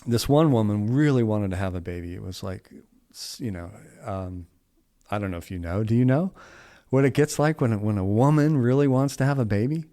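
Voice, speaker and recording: A middle-aged man tells a story on a podcast in a relaxed, folksy way. He rambles and restarts, and tosses in asides as he goes. His voice sits a bit low. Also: brisk. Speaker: podcast co-host. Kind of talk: casual storytelling chat.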